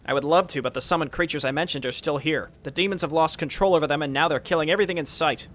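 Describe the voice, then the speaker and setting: A man's voice: on the high side, fast talker, a bit bright, natural voice. A man voicing a harsh, scornful traitor officer, reading the game text plainly. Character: treacherous human order officer, harsh and scornful.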